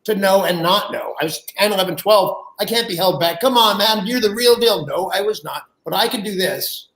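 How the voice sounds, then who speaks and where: A man in his sixties, a guest, telling animated anecdotes and acting out the people he quotes. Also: sits high, fairly quick, reverberant, rough recording. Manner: animated storyteller who acts out quoted people, laughs mid-story. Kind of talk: anecdotal storytelling.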